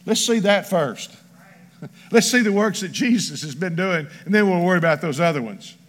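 A man's voice: sits high, lively intonation, moderate pace, fairly bright tone. A man preaching a sermon as pastor, emphatic and rhythmic, reading scripture aloud. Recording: long church hall reverb.

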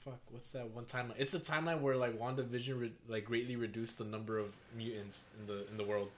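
A man's voice: medium pitch, steady tone, fast talker. A young man co-hosting a casual pop-culture chat, rambling with many restarts and swearing freely. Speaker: podcast co-host.

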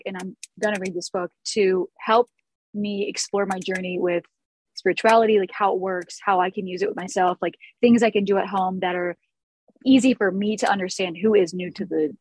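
A woman hosting a casual chat, relaxed and talkative, with a bit of casual swearing. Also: mid-range voice, a little fast, slight background noise, poor audio. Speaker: host, hair stylist.

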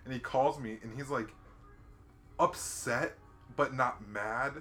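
A man's voice: medium pitch, slow pace, soft background music. A man in casual podcast chat, telling stories animatedly and acting out the people in them. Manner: animated storyteller, acts out callers with a raised voice.

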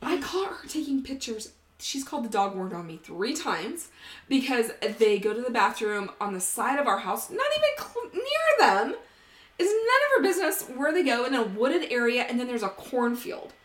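A woman's voice: fairly high pitch, moderate pace. A woman, co-hosting a podcast and telling a story in a casual chat, swearing freely and acting out every line of dialogue. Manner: animated, swears freely, acts out quoted dialogue. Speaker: podcast co-host. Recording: roomy echo.

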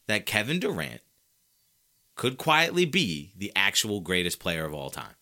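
A man's voice: on the low side, moderate pace. A man hosting a solo sports talk show, arguing his points with rhetorical questions and casual slang aimed straight at his listeners. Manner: animated, argumentative, asks rhetorical questions.

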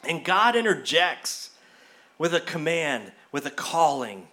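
Male pastor, high bright voice, lively church sermon that dramatizes the excuses he quotes. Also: takes it slowly. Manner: animated preaching, acts out quoted excuses in a higher voice. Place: church sanctuary.

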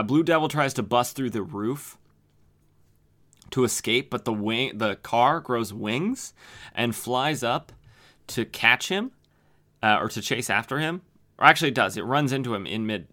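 A man's voice: mid-range voice, expressive, normal speed, sharp tone. A man hosting a podcast who recaps old comic books casually, rambling with lots of fillers. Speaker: podcast host.

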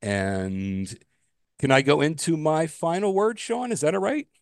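A man's voice: fairly high pitch, expressive, unhurried, gravelly, no room sound, clean studio sound. A man co-hosting a casual podcast, ranting about a pet peeve, swearing freely and restarting his sentences. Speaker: podcast co-host.

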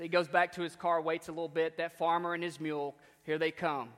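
A man telling stories from the pulpit in a repetitive, emphatic, conversational way. His voice sits a little high. A long hall reverb hangs behind his words. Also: flat delivery, fairly quick, few pauses, a bit bright. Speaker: preacher. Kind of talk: storytelling sermon.

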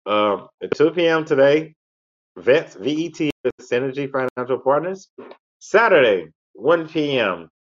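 A man's voice: medium pitch, big pitch swings, a little slow. A man hosting a talk radio show, rambling in a laid-back, repetitive way. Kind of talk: casual monologue. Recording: lo-fi internet radio audio.

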